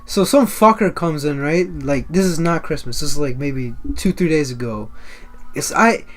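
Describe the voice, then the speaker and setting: A man's voice: fairly high pitch, normal speed. A man telling a work story in casual podcast chat, blunt, swearing a lot and mocking customers. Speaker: podcast co-host.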